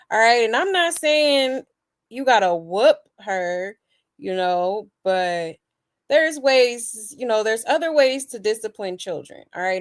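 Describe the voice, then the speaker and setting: A woman hosting a gossip show, giving casual, chatty commentary on a clip, with plenty of "like" and "you know". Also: a little high.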